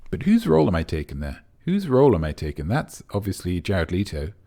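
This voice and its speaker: Man, very low voice, pompous quiz host, rambling, mock-serious. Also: huge pitch swings, brisk, gravelly, warm tone. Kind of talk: comic live-stream quiz hosting.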